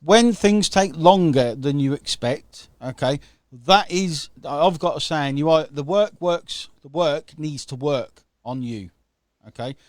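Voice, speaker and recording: An enthusiastic man hosting a casual interview, his voice sitting a little high. He talks in loose, eager runs and keeps tagging his points with "okay?". The sound is dry, with no room around it. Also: slow, no echo. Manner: enthusiastic, uses "okay?" often. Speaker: host.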